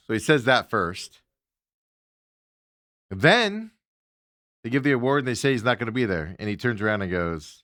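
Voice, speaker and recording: A man's voice: mid-range voice, sing-song, moderate pace, long pauses, a bit bright, dry recording, studio quality. A man hosting a sports talk show, chatting in a loose, casual way with chuckling asides.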